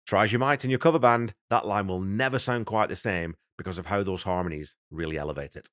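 A man with a fairly low voice hosts a music podcast, walking through a song's production in an easy, conversational way. He sounds enthusiastic about the music he is explaining. The recording is dry, with no room echo. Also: fast talker, fairly bright tone. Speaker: podcast host. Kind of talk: podcast song breakdown.

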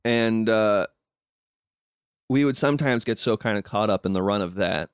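A man's voice: lowish voice, normal speed, smooth, no echo, studio quality. A young man, a comedian, talking in a loose, rambling casual conversation full of "like" and restarts. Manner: loose and rambling, heavy use of "like". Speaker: comedian and podcast guest.

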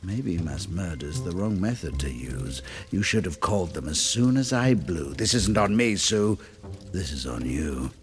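A man's voice: deep voice, big pitch swings, measured pace, soft background music. A man voicing a deranged, murderous Christmas monster with a sneering, theatrical delivery. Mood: smug.

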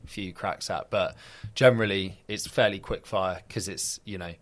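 A young man chatting casually as a podcast guest, telling lively anecdotes and acting out other people's voices in quotes. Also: low voice, moderate pace. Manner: animated storyteller acting out quoted voices, filler-heavy. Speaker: guest, football video presenter. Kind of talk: casual interview chat.

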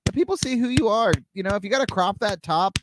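A man's voice: high-pitched, quick pace, noisy background. A man co-hosting a comedy podcast, trading dry, teasing quips in casual banter. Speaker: podcast co-host.

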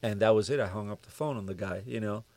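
A man's voice: fairly low pitch, fast talker, no room sound. A man, a music producer, telling stories in an interview and acting out the dialogue of the people in them. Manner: animated storyteller who acts out quoted dialogue. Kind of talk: storytelling interview chat.

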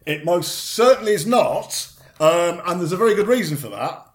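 A man, chatting in a deadpan comedy double act, pedantic and self-assured, rambling with restarts. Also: high-pitched, moderate pace.

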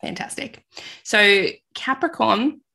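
A woman's voice: fairly high pitch, lively intonation, takes it slowly, creaky, bright, forceful tone. An Australian woman hosting a podcast interview, bubbly and giggly, chatting casually with her guest. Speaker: podcast host.

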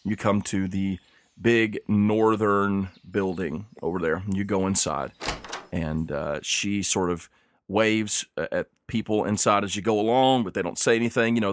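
Low-voiced man running a tabletop game. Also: dry recording, clean studio sound. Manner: relaxed, rambling, laughs easily. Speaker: game master.

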